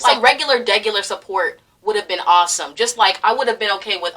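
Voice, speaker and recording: A young woman with a bright, forceful voice, worked up and swearing through a commentary rant full of fillers and bursts of laughter. She sits a little back from the mic, so the sound is slightly distant. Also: medium pitch, fast talker, hardly any pauses. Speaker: commentary vlogger. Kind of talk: ranting commentary.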